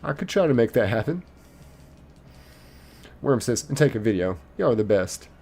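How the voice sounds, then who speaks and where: A man's voice: medium pitch, very animated, normal speed, vocal fry, a little mellow. A man live streaming a game, reading viewers' chat messages aloud and answering them playfully. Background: faint game music.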